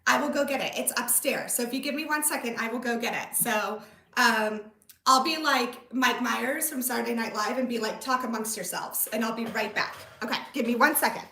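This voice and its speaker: Woman, livestream host, casual chat, gushing manner, bright tone, echoey room. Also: fairly high pitch, a little fast, distant mic. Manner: bubbly, gushing, chatty with viewers. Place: home room. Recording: echoey room, away from the mic.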